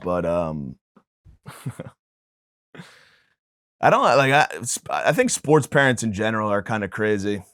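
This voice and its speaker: A man's voice: on the low side, sing-song, unhurried, pauses often, fairly bright tone, clean tone, no echo, clean studio sound. A man hosting a podcast, delivering a profane, rambling comedic monologue with mock indignation. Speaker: podcast host.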